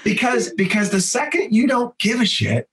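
During a laid-back podcast chat, a voice actor and improv instructor speaks animatedly, peppering his talk with profanity and brief character voices. The recording is rough, and his voice is high.

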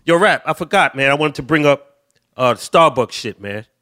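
A man's voice: fairly high pitch, animated, moderate pace, sharp tone, no echo, clean studio sound. A man co-hosting a podcast, chatting casually in a laid-back, slangy way. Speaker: podcast co-host. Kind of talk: casual chat.

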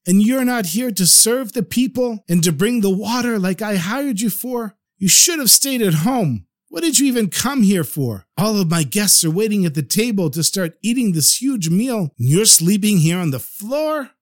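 An indignant wealthy host, as a male storyteller puts him on, scolds with climbing, lively exclamations. The voice sits fairly high and the sound is dry and close. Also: normal speed, hardly any pauses, no room sound. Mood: angry.

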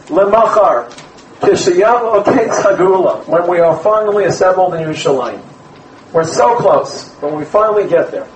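A man delivers an animated, story-filled community sermon in a fairly high voice. His voice carries through an echoey room, picked up from some distance away with faint ambience behind it. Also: a little hiss or hum. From Brooklyn, USA. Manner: animated storyteller, mixes in Hebrew terms. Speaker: rabbi giving a community talk. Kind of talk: lively sermon-style lecture with stories.

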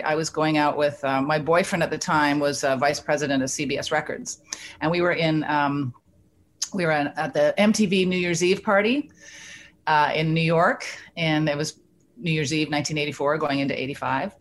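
A middle-aged woman from Canada, an interview guest telling a story in a lively, chatty way, acting out the quoted voices and laughing often. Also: deep voice, normal speed, slight background noise. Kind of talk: casual storytelling.

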